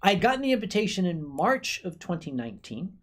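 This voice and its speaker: A man hosting a stream, telling a long story in a dry, rambling way while a bit tipsy, clearing his throat often. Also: high-pitched, very animated, fairly quick, fairly bright tone, poor audio. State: tipsy from drinking sake. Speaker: convention chairman and stream host. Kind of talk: casual storytelling chat.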